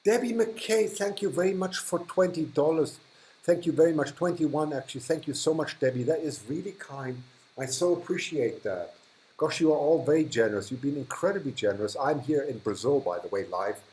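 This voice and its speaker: A man's voice: a little high, expressive, brisk, darkish tone, rough recording. A man hosting a live stream from a hot, humid indoor room, chatting casually as he reads and thanks viewers, often restarting sentences and chuckling. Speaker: livestream host.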